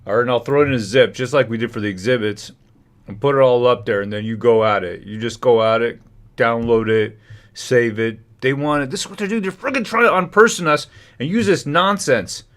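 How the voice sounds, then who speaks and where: A man's voice: mid-range voice, brisk, fairly bright tone. A man hosting a livestream, ranting in heated, indignant bursts while reacting to a hearing. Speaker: livestream host.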